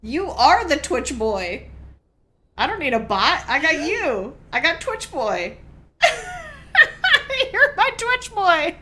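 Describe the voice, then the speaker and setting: A woman streamer chatting casually over a game, chatty with lots of fillers and quick to break into loud laughter. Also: extremely high pitch, big pitch swings. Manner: giggly, bursts into loud laughter. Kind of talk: casual gaming stream commentary.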